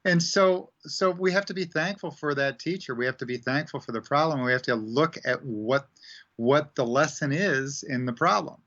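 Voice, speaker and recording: A man talking casually about spiritual lessons as a radio guest, animated and acting out quoted voices. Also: a little high, moderate pace. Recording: dull lo-fi sound.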